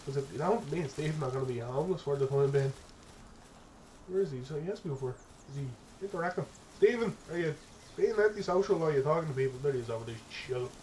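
A young man's fairly high voice runs through loose, casual let's-play commentary. He is excitable and swears often, talking to his in-game pet as though it could hear him. A faint hiss sits under the voice. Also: fast. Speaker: gaming streamer.

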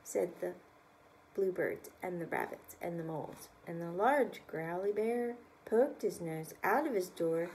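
A woman reading a bedtime story aloud for children in a slow, playful, expressive way. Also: on the low side, slight background noise.

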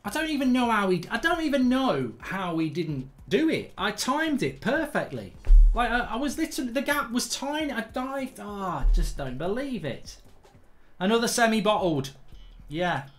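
A man with a raised, high-sitting voice narrates his own gameplay in quick, exasperated bursts, often laughing at his own failures. Soft game music runs quietly behind him. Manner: animated, self-mocking, exasperated. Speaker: gaming streamer. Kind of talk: live gameplay commentary.

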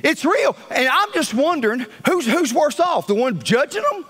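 A man preaching a fiery sermon as pastor, swinging between loud calls and hushed asides. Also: very high voice, big pitch swings, moderate pace.

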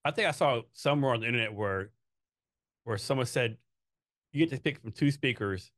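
Man, podcast host, rapid speech, joking loose questions, dry close mic. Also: mid-range voice, a bit bright, no echo. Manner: quick, loose questions with fillers and joking asides. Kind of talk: casual interview conversation.

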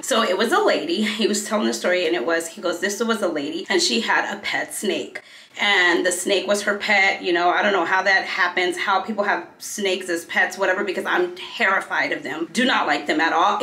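A woman in her thirties talks casually as she gets ready, chatty and animated, drifting from one topic to the next and back again. Her voice sits in a middle range. The room around her is noticeably echoey. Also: mid-range voice. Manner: chatty, animated storyteller who jumps between topics. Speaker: beauty and fragrance vlogger. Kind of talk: casual chat while getting ready.

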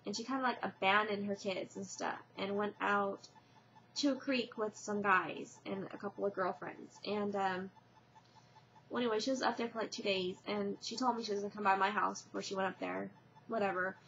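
A young woman talks to her camera in a loose, rambling vlog, filling every pause with fillers and restarting her sentences. Her voice carries a gravelly fry. The webcam audio is muffled and lo-fi, with a faint hiss underneath. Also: medium pitch, fairly even intonation, fairly bright tone. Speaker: vlogger. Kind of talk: casual confessional vlog.

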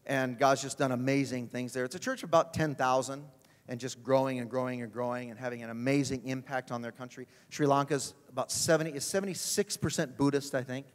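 A male pastor telling a story in a sermon, animated and acting out the people in it. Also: medium pitch, brisk. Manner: animated, acts out voices in his stories. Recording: long hall reverb.

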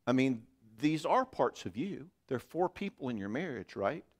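A man's voice: medium pitch, big pitch swings, moderate pace. A man giving a marriage conference talk in a church, conversational and joking.

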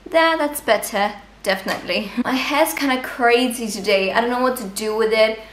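A young woman from Denmark, a native Danish speaker, talks to her vlog audience at home in a bubbly, gushing way. Her voice sits a little high. She is heard through a camera mic that catches plenty of echo from the room. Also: fairly bright tone, slight background noise. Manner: bubbly, gushing, quick asides to viewers. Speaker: beauty vlogger. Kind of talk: casual vlog talk to camera. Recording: echoey room.

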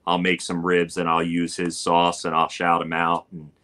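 Man, interview guest, low monotone voice, lots of fillers, rambling, casual. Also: normal speed. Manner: rambling storyteller with many fillers. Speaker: barbecue cook and guest. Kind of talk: casual live-stream interview.

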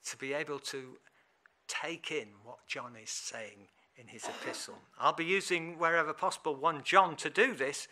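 A man preaching an informal sermon in church, chatty and animated, laughing often. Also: a little high, normal speed. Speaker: lay preacher.

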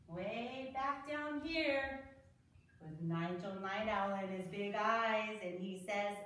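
Slow sing-song woman teacher, far off. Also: on the high side. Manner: slow, sing-song, coaxing young children. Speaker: preschool teacher. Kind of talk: children's singalong and phonics lesson. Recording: roomy, from far off with faint noise.

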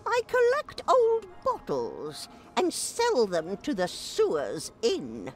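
An actress voicing a sharp-tongued, eccentric old woman in a video game, speaking in a haughty, dramatic way. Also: on the high side, huge pitch swings, slow, soft background music, heavily acted. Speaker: game character.

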